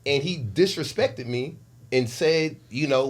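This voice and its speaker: A man in his forties, a podcast co-host, telling a personal story in casual chat with emotional, animated delivery. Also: on the high side, normal speed. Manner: animated, emotional retelling with lively shifts in loudness.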